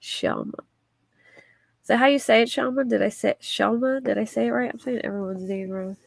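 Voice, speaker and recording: A woman's voice: a little high, fast talker, vocal fry, dry recording. A woman hosting a casual livestream, chatting in a rambling way and reading viewer comments aloud. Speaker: livestream host.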